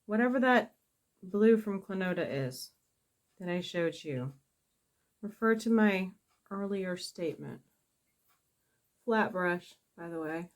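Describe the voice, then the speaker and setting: Talking her way through a makeup tutorial, this middle-aged vlogger has a lowish, animated voice, a slow pace, and long pauses. Her casual chatter is blunt, profane, and self-mocking.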